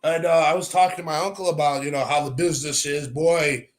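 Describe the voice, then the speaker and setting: An American man hosting a casual podcast chat, telling loud stories full of swearing. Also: a little high, steady tone, brisk. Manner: swears a lot, loud storytelling.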